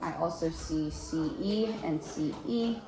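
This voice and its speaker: Woman reading teacher, lower register, patient and upbeat; echoey classroom, kids audible behind. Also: a crowd in the background. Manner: patient, encouraging, clear and slow when explaining sounds. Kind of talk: small-group reading lesson.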